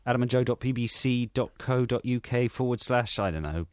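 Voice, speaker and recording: A man's voice: mid-range voice, brisk, darkish tone, no room sound, clean studio sound. A man co-hosting a podcast in casual banter, teasing his partner and reading out listener letters. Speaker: co-host.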